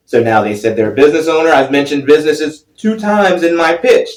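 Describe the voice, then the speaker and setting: A man's voice: mid-range voice, expressive, a little fast. A man talks through business ideas one step at a time, like a patient teacher. His voice sounds a little distant from the mic. The room around him is echoey. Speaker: podcast co-host, financial advisor. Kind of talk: casual podcast chat.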